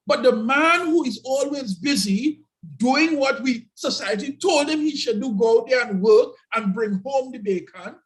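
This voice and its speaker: A man's voice: very high-pitched, low-quality recording. A man giving an emphatic motivational talk over a video call, often repeating his key phrases. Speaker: guest speaker.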